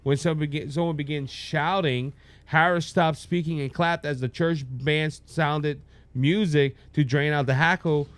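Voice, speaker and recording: A man with a Cajun accent hosts his own commentary podcast, talking in a folksy, conversational way. His voice sits a little high for a man. It is recorded close and dry, with no room sound. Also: clear, resonant tone, no room sound. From Louisiana. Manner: conversational, folksy, with frequent restarts. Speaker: podcast host and minister. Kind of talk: conservative political commentary podcast.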